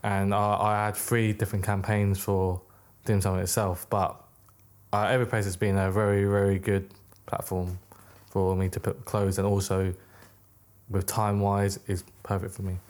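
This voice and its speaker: Young man, podcast guest, lowish voice, chatty and rambling. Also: little pitch movement, normal speed. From United Kingdom. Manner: rambling, full of "like" and restarts. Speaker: podcast guest, clothing brand maker. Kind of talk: casual interview chat.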